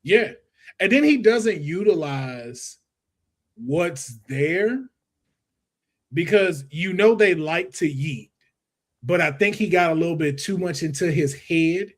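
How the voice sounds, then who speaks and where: Animated male podcast host. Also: on the high side, slow pace. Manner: animated, emphatic, slangy. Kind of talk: casual chat.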